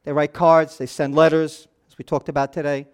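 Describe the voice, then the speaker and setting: A middle-aged man preaching a sermon as a pastor, moving between soft, hushed passages and raised, animated ones. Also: fairly high pitch, brisk, clean tone.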